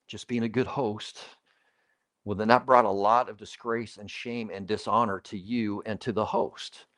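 A male pastor preaches a sermon in a conversational yet emphatic style, asking the congregation questions and repeating key phrases. His voice is medium in pitch.

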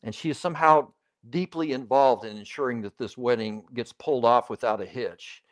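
A man's voice: medium pitch, moderate pace. Conversational male pastor preaching a sermon. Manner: conversational preaching, rhetorical questions to the congregation; emphatic, repeats key phrases.

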